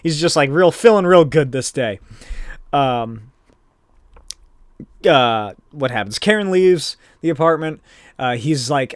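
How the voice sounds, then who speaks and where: A podcast host casually recaps a comic book in a voice a little high for a man, expressive and slow with frequent pauses. He rambles along with plenty of filler words, and the sound is close and dry with no room echo.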